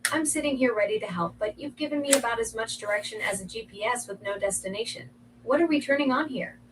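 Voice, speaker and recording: A synthetic woman voices a cheeky home assistant with a quick, teasing comeback for everything. Her tone sits a bit high. She plays out of a speaker across a noisy room. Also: distant mic. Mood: sassy. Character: sassy female smart-speaker assistant. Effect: played through a home smart speaker.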